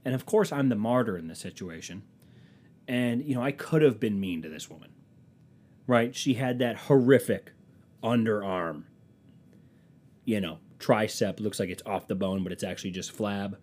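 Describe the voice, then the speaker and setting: A man's voice: on the low side, normal speed, pauses often, a little mellow, slightly rough. A man telling comic stories as a podcast host in a profane, sarcastic, self-mocking casual rant. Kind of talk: casual comedic storytelling rant.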